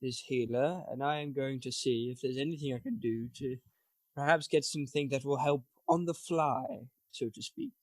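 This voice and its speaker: A man playing a tabletop game, speaking in measured, formal phrases. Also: medium pitch, no room sound. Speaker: player.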